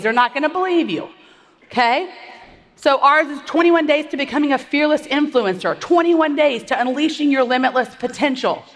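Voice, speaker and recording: High-voiced woman pitching on stage. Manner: fast, upbeat, rallies the audience with questions. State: slightly out of breath. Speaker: conference speaker. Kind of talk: energetic stage presentation. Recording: long hall reverb.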